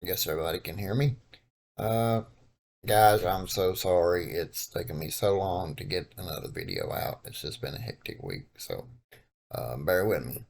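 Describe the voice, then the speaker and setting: A man's voice: deep voice, lively intonation, moderate pace, gravelly, a little mellow. A man from Texas with a Texan accent, telling a story to his viewers in a laid-back, meandering way. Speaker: vlogger. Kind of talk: casual storytelling.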